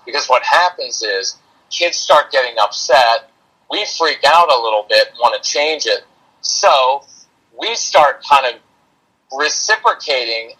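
A man's voice: medium pitch, lively intonation, unhurried, bright, forceful tone, husky, low-quality recording. A man speaking as a guest on a parenting podcast, earnest and conversational, sometimes acting out voices of parents and kids.

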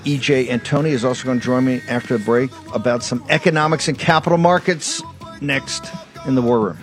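A man's voice: medium pitch, a little fast, soft background music. A man hosting a political talk show, brusque and urgent, cutting in and moving things along.

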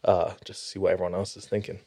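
A man's voice: sits low, level tone, rapid-fire, dark tone. A man co-hosting a podcast, telling stories in casual chat and laughing often. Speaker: podcast co-host.

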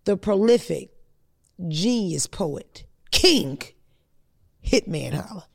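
Brief: female comedian-host with a gravelly voice, crude and frank storyteller. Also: a little high, lively intonation, a little slow, a little mellow. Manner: blunt, profane, storytelling. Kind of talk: casual podcast chat.

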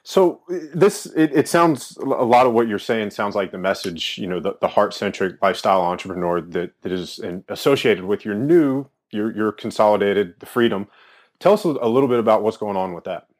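A man's voice: fairly low pitch, lively intonation, brisk. A man hosting an interview, laughing easily and giving short agreeing replies as he asks questions. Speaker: podcast host. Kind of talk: casual interview talk.

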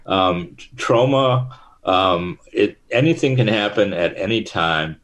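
Slow and expressive, this middle-aged actor's voice sits on the low side with a slightly bright quality. As a guest in a casual interview, he rambles through stories with many fillers and restarts.

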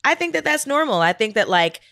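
A woman's voice: sits high, big pitch swings, a little fast, sharp tone, no room sound, clean studio sound. A woman co-hosting a podcast, chatting casually in a frank, joking way with slang. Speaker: podcast co-host. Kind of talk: casual chat.

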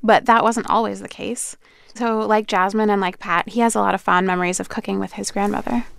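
A woman's voice: mid-range voice, fairly even intonation, fairly quick, gravelly, fairly bright tone, dry recording, studio quality. A woman co-hosting a radio podcast, explaining things in a friendly, conversational way. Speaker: podcast co-host. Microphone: studio mic.

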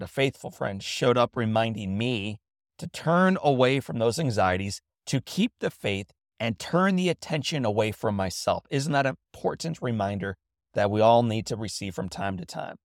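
Middle-aged male host, earnest and measured, gravelly voice, dry close studio sound. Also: lowish voice, dry recording. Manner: earnest, measured storytelling with reverent readings. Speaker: host and motivational speaker. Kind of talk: reflective spoken essay. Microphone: studio microphone.

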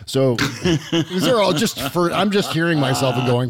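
A man hosting a casual political comedy talk show, wry and animated, piling on exaggerated jokes into a studio mic. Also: fairly high pitch, normal speed, vocal fry, crowd noise. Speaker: radio show host.

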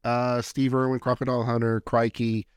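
A man's voice: mid-range voice, completely flat delivery, moderate pace, clean tone, dry recording, studio quality. A man hosting a casual podcast, easygoing and steering the chat toward the next story. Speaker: podcast host leading the segment.

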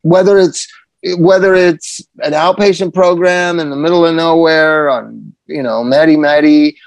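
A man telling a story in a casual interview, animated and profane, laughing often as he goes. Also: a little high, a little slow, gravelly, no room sound. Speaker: addiction counselor guest.

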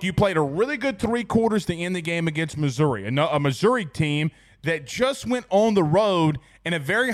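Sports podcast guy rattling off plugs and football takes, rambly, kinda high voice. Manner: rapid-fire, rambling with restarts. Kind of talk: casual sports talk and ad reads.

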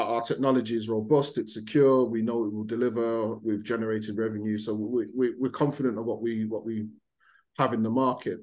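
A man from Birmingham with a mild Birmingham accent, speaking as a founder in a casual podcast interview in a measured, businesslike way. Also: on the low side, a little mellow. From Birmingham, England. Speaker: startup founder guest.

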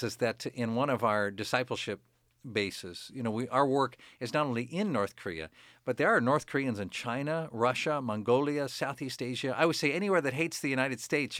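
A man, a pastor guest in an interview, telling stories earnestly with frequent pauses and fillers. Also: medium pitch, a bit bright, no echo, studio quality. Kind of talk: conversational interview.

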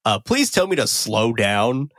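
A man co-hosting a podcast, recapping a film in casual chat, excitable and swearing freely with lots of fillers. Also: medium pitch, measured pace, no echo. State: caffeinated and talking fast.

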